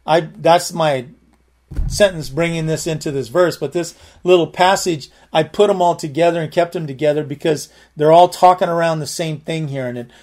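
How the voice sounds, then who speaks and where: A man's voice: fairly high pitch, moderate pace, a little mellow. A man preaching a sermon, teaching verse by verse and explaining word meanings in an earnest, repetitive way.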